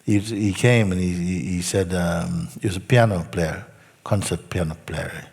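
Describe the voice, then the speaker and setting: Low husky man teaching in a hall. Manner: unhurried storytelling, soft asides dropping near a whisper. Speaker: spiritual teacher. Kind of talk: storytelling spiritual talk to a group.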